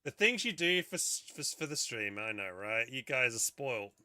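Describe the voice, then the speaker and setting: A man's voice: mid-range voice, very animated, normal speed, bright, forceful tone, no echo, studio quality. A man casually commenting on his gameplay while streaming, muttering and swearing now and then. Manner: chatty, muttering to himself, swears.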